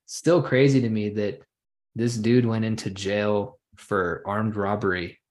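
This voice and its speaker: A man's voice: lowish voice, fairly even intonation, a little slow. A man co-hosting a podcast, chatting loosely and joking with casual swearing. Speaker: podcast co-host.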